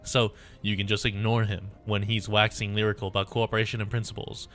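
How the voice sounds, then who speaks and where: A man's voice: fairly low pitch, level tone, a little fast, fairly bright tone, faint music behind, lightly acted. A man voicing a blunt, fierce woman swordfighter who speaks curtly and commands. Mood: stern.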